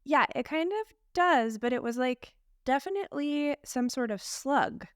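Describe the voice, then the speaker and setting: A woman's voice: high voice, animated, unhurried, no room sound. Woman, podcast co-host, casual chat, rambling, self-deprecating, dry close sound.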